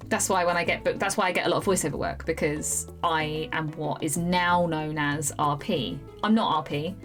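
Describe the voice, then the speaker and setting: A woman's voice: deep voice, fairly even intonation, fairly bright tone, soft background music. A woman from the United Kingdom, a live streamer and voiceover artist, chatting casually and rambling with frequent laughs. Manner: chatty, rambling, laughs often, slips into quick impressions. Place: home room at night.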